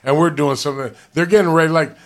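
A man's voice: on the high side, steady tone, fast talker. A man from Los Angeles telling a story in casual, profane street slang, rambling with restarts. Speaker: podcast co-host.

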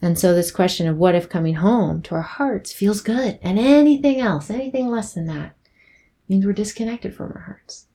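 Reflecting on earlier episodes of her podcast, a young host giggles and rambles softly in a relaxed manner. She speaks at a moderate pace in a mid-range voice with lively intonation.

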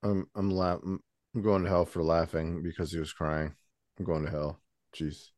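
A podcast host reacting in casual chat, laughing along at a guest's story. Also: male voice, deep voice, little pitch movement, moderate pace, a little mellow, no room sound, clean studio sound.

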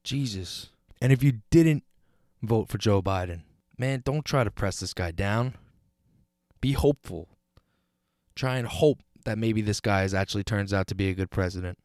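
Young american dude ranting on his podcast, kinda low voice, lots of swearing and false starts, dead dry mic. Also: moderate pace, dry recording. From United States. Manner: frustrated, rambling, swears, many restarts. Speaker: podcast host. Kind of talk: solo rant.

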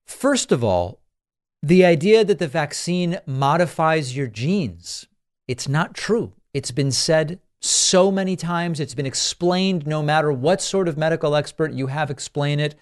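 A man's voice: fairly high pitch, lively intonation, measured pace. Emphatic male political talk host. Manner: emphatic, exasperated, searching for words. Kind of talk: political commentary.

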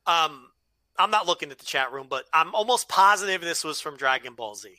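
A man co-hosting a casual wrestling review podcast, measured and agreeable with wry asides. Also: a little high, lively intonation, bright, forceful tone, no echo, clean studio sound. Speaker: podcast co-host.

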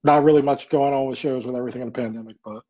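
A man's voice: mid-range voice, steady tone, rapid-fire, dark tone. Easygoing male comedian guest. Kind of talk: casual podcast chat.

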